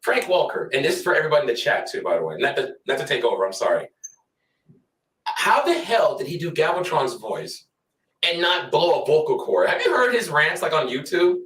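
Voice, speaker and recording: A man talking as a guest in a casual chat, excitable, laughing a lot and swearing now and then. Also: a little high, brisk, recorded from a distance. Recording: echoey room, off-mic.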